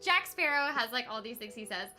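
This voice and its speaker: A woman's voice: a little high, animated, fairly quick, music in the background. A woman voice actor chatting casually while streaming a game, giggly and full of "like"s. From United States. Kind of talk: casual chat while playing.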